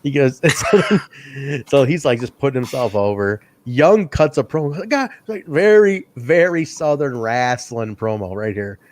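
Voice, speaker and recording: A man co-hosting a casual wrestling review podcast, an animated storyteller who laughs often, swears, and acts out quotes in a higher voice. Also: moderate pace, slight background noise. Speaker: podcast co-host.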